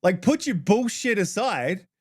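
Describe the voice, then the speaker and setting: A man with a high-pitched voice hosts his channel, worked up and exasperated. He swears freely as he picks apart an online argument, dropping into a flatter tone when he reads the other side's tweets aloud. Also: unhurried, slightly rough. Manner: heated, profane, exasperated. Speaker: channel host. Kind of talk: ranting commentary.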